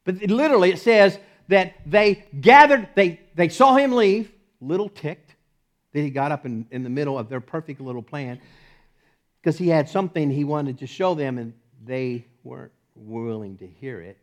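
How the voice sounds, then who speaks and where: Slightly high-voiced male pastor preaching a sermon, emphatic, moving from loud to hushed. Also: expressive, normal speed. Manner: repeats phrases for emphasis. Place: church service.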